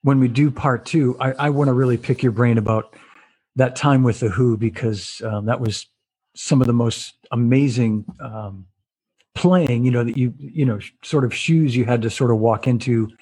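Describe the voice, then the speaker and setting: A man's voice: medium pitch, steady tone, normal speed, darkish tone, breathy edge. A man hosting a casual interview over a video call, telling rambling stories with many restarts. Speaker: host.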